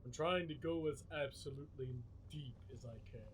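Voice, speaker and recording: A streamer putting on an exaggerated deep, smooth radio-announcer voice, drawling as low and manly as he can during a live game stream. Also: a little fast, slight background noise, natural voice. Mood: mock-serious.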